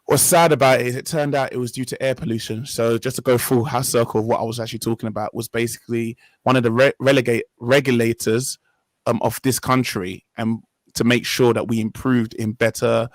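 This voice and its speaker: Brisk and steady in tone, a young man's medium-pitched voice carries a casual discussion he hosts for a podcast. The audio is poor and dry, and he talks earnestly and loosely, regularly revising himself partway through sentences.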